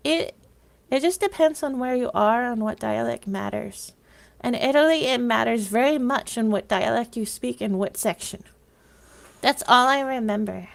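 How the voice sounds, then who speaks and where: A woman's voice: on the high side, moderate pace, gravelly. A woman livestreamer chatting casually with viewers, rambling and sometimes trailing off into whispers.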